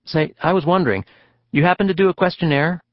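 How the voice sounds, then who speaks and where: A man's voice: a little high, quick pace, no room sound, dull audio, voice pushed up, natural voice. A man voicing an earnest, fussy male statistician who talks in a polite, persistent way in an audiobook.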